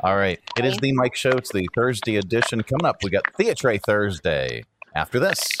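Male talk-radio host, chatty with filler words, low-pitched and animated. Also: normal speed, background noise. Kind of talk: casual radio talk and ad reads.

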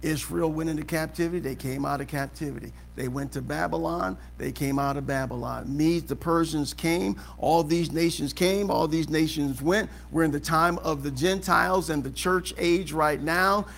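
A man preaching a sermon as pastor in a church auditorium, asking the congregation questions and building to shouts. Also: on the high side, moderate pace, creaky, few pauses, a little hiss or hum. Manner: preaching with rising shouts and call-and-response questions. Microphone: live service recording.

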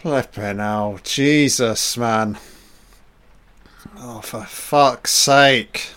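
A man's voice: mid-range voice, extremely slow, a bit bright, smooth. A man giving a casual, sarcastic and profane commentary over a film, tossing off laid-back asides.

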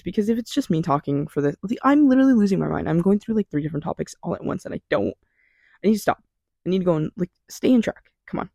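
A young woman rambles through a solo podcast from her bedroom, jumping between thoughts and poking fun at herself. Her voice has a gravelly fry. The sound is dry and close on a small mic. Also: medium pitch, warm tone, no echo. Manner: scattered, self-deprecating, swears casually. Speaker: podcast host.

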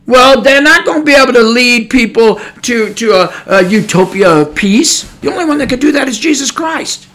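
High bright-voiced fiery male preacher. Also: expressive, normal speed, few pauses. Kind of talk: podcast sermon.

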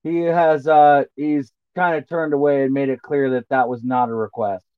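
A man's voice: mid-range voice, fairly even intonation, normal speed, clear, resonant tone, no room sound. A man running a tabletop game as game master, talking in a casual, laid-back way. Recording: muffled phone-like line.

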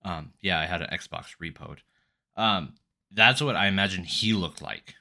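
A man's voice: deep voice, a little slow, gravelly. A man hosting a solo podcast, telling a story in a rambling, profane and exasperated way. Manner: animated, exasperated. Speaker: podcast host.

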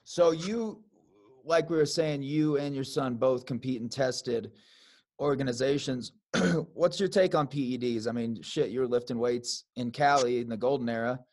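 A man's voice: mid-range voice, normal speed, a little mellow. A man hosting a casual interview, talking in a laid-back, profane way. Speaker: podcast host.

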